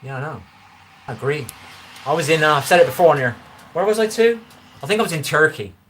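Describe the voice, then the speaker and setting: Speaking fast with lively intonation, a slightly high, somewhat bright voice belongs to an English livestream host in his forties with a strong West Country accent. He rambles casually from a room at home while answering viewers' comments, with slight background noise.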